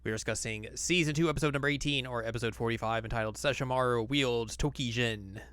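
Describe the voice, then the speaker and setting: A man's voice: medium pitch, fast, fairly bright tone, clean tone, no echo. Jokey male podcast co-host. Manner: jokey, playful recapping. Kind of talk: casual anime recap chat.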